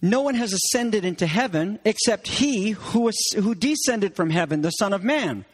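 A man's voice: high voice, lively intonation, normal speed, husky. A man preaching a sermon as a pastor, explaining scripture and rising emphatically on key phrases. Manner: expository teaching, rising emphatically on quoted lines.

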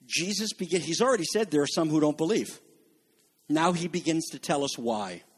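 High-voiced fervent preaching man. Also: lively intonation, moderate pace, slightly rough. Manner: emphatic, rising to fervent peaks; addresses congregation as folks. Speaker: pastor. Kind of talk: sermon.

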